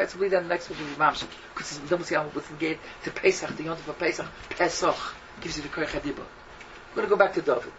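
A rabbi teaching a class gives a Talmud lecture in a fairly high, fairly bright voice, peppering it with Yiddish and Hebrew terms. He acts out the characters' questions as he tells the story. The recording has its highs cut off and a little hiss or hum.

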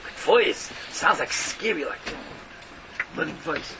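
A rabbi gives an emphatic, yeshiva-style Torah lecture, firing off rhetorical questions and mixing in Yiddish and Hebrew terms. His voice is high with lively intonation and a fairly quick pace, on a muffled, lo-fi recording with noticeable background noise.

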